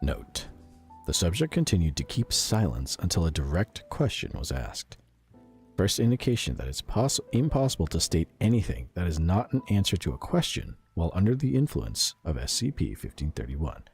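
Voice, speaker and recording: A man's voice: deep voice, very animated, moderate pace, vocal fry, darkish tone, faint music behind. A man in his thirties reading a document aloud on a stream, breaking off into joking asides. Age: 30s.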